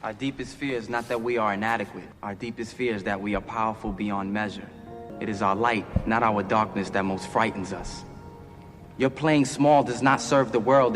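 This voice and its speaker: A man's voice: medium pitch, steady tone, brisk, natural voice. An actor playing an earnest young male student who recites a poem to his coach in a film scene. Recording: film clip with reverb and music.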